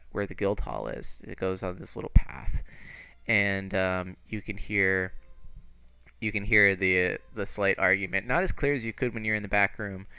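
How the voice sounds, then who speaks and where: A man's voice: fairly low pitch, sharp tone, clean tone, dry recording. A man narrating as game master in a tabletop game, laid-back and rambling.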